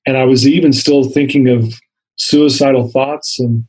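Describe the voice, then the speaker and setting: A man's voice: medium pitch, fairly even intonation, moderate pace, darkish tone, breathy edge, poor audio. A middle-aged man telling his story in a podcast interview, earnest and candid, acting out the dialogue. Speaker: interview guest.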